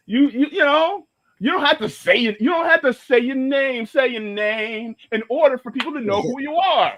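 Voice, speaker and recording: A man co-hosting a casual podcast chat, animated and quick to hum riffs from songs. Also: very high voice. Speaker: podcast co-host.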